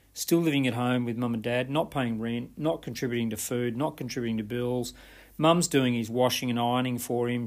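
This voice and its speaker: A man hosting a money podcast, telling a client story in a conversational way and often checking in with "right?". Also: medium pitch. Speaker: podcast host and money coach.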